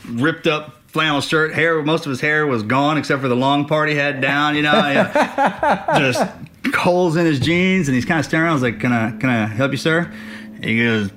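A man's voice: fairly high pitch, fairly quick, fairly bright tone. A man, a former Navy SEAL, telling service stories in casual conversation and laughing through his punchlines.

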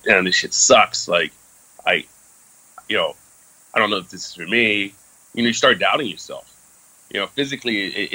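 Low bright-voiced man telling a war story. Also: rough recording. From France. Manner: candid, swears casually, many fillers. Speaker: guest. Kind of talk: casual storytelling interview.

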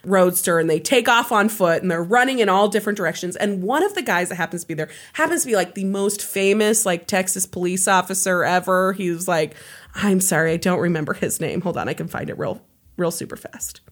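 A woman casually retelling a true-crime story to a friend, animated and laughing, her voice jumping high when excited. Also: fairly quick.

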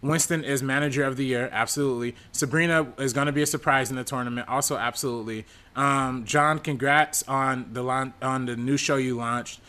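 A man with a bright, forceful voice reads viewer donations on a casual live-stream panel show. He keeps an average pitch, scatters ums through his reading, and laughs easily. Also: steady tone, brisk, hardly any pauses.

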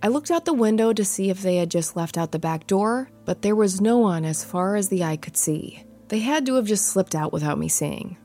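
A woman giving a measured, suspenseful first-person narration of a ghost story. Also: medium pitch, animated, mellow. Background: faint music.

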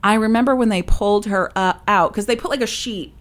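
A woman's voice: medium pitch, brisk. Chatty young woman telling a story. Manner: animated storyteller, acts out quoted voices. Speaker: podcast co-host. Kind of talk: casual chat.

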